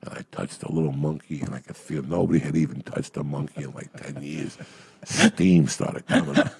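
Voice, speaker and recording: A man, a comedian on a podcast, telling profane stories in a loud, crude, rowdy way with a gravelly voice. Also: very deep voice, very animated, normal speed. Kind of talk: profane storytelling.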